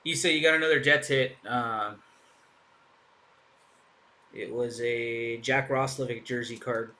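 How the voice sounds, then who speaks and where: A man's voice: medium pitch, fairly even intonation, a little slow, pauses often, bright, forceful tone. A man hosting a live card break, chatting in an upbeat way as he opens packs and thinks aloud. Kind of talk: casual live commentary while opening packs.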